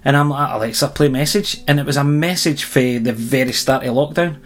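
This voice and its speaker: A Scottish man co-hosting a casual podcast chat, telling stories with lively energy and laughing easily. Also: mid-range voice. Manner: animated storyteller, quick to laugh. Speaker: podcast co-host.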